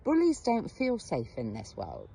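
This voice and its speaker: A middle-aged woman speaks straight to the viewer with a gravelly edge to her voice. She is a therapist telling a story, blunt and frank and not shy of a swear word, and she keeps asking the listener questions. A faint hiss of noise sits under her voice. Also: sits low, wildly swooping pitch, measured pace, mellow. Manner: direct address to the viewer with questions. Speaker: therapist and coach. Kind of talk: storytelling monologue to camera.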